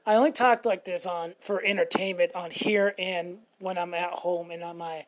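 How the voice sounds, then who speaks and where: A woman's voice: on the low side, steady tone, moderate pace. Brief: woman podcast co-host, casual and crude, drifts between topics. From Montana, USA. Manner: rambling, crude joking, swears freely.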